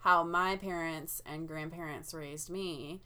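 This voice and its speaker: A woman's voice: deep voice, fairly even intonation, slow pace, sharp tone. A young woman talking casually about parenting, rambling with lots of "like" and "you know" as she goes. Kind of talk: casual chat.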